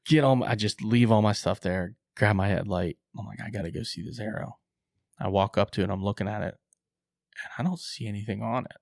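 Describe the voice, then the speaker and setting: A man co-hosting a podcast, excitedly telling a hunting story, acting out his own quotes and swearing casually. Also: lowish voice, brisk, creaky, dry recording, clean studio sound.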